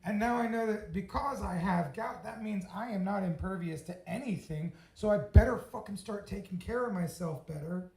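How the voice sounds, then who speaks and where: Blunt swearing man with gravelly voice. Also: high-pitched, normal speed, hardly any pauses, darkish tone, reverberant, poor audio. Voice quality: swears freely, blunt and candid. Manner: self-mocking, laughs at himself. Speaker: storytelling speaker. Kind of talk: personal story told to a live audience.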